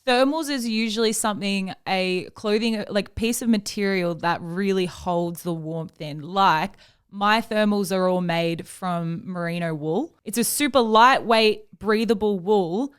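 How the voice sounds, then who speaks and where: A woman's voice: medium pitch, clear, resonant tone. A young woman co-hosting a podcast in casual chat, teasing and scolding her co-host.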